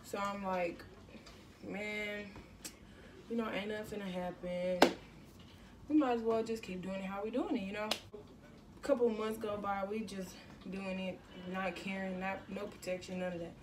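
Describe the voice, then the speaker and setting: A teenage girl telling her story to the camera in a casual storytime vlog. Her speech is loose and slangy, and she jumps to loud exclamations. She sits a little back from the mic, with faint noise underneath. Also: mid-range voice, fairly even intonation, moderate pace, far from the mic. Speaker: vlogger.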